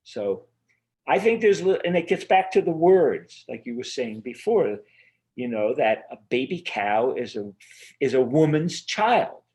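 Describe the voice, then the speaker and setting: An earnest man speaking as the guest of a remote interview, his voice sitting at a middling pitch. He rambles, circles back and restarts his thoughts with plenty of fillers. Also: sing-song, measured pace, a little mellow. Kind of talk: casual interview conversation.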